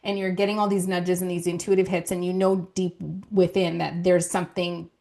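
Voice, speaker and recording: A woman co-hosting a podcast, calmly and reassuringly explaining ideas at length in casual spiritual chat. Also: fairly low pitch, brisk. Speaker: podcast co-host.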